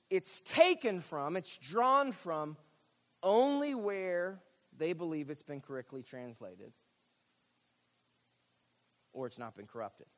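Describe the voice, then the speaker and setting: Male pastor, high pitch, explaining patiently, lingering reverb around him. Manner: explanatory, speaks directly to listeners with frequent checks. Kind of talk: teaching sermon.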